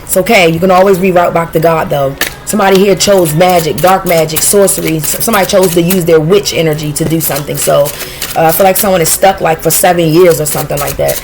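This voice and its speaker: A woman giving a casual intuitive tarot reading, blunt and profane, talking in a streetwise, animated way. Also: lowish voice, fast talker, vocal fry. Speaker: tarot reader.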